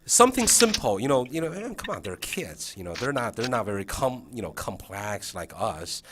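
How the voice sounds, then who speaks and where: A man's voice: on the low side, very animated, moderate pace, a bit bright. A man training a new teacher in a casual session, checking in often with frequent fillers and restarts.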